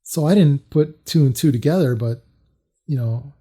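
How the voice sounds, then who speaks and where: Rambling man with a mellow, raised voice. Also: fairly high pitch, moderate pace. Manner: rambling, loose, with many fillers and restarts. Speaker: storytelling vlogger. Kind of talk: casual personal storytelling.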